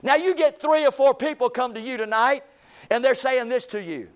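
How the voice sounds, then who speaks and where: A male pastor preaching a sermon with passion, building to shouts. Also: extremely high pitch, moderate pace. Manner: impassioned preaching, rising to shouts.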